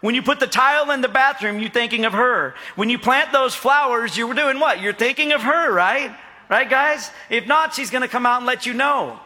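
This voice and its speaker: High bright-voiced middle-aged pastor preaching. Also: male voice, moderate pace. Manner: jokey, storytelling, asks the congregation for responses. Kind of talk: sermon. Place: church hall. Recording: long hall reverb.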